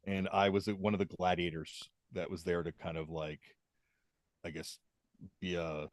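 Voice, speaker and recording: A man's voice: low-pitched, little pitch movement, measured pace, no room sound, clean studio sound. A man co-hosting a podcast, telling stories in a laid-back casual way with lots of fillers. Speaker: podcast co-host. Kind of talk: casual chat.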